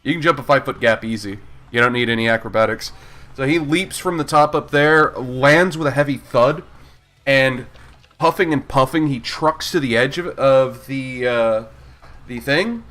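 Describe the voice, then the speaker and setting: A man's voice: medium pitch, normal speed, fairly bright tone. A man running a tabletop game as game master, narrating with many fillers and restarts. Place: live stream.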